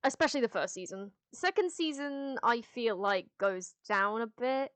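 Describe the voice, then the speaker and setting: A woman's voice: fairly high pitch, expressive, moderate pace, a bit bright. A woman streamer on a headset, chatting casually with her chat in a rambling, candid way, full of restarts and the odd swear. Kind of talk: casual livestream chat, answering chat.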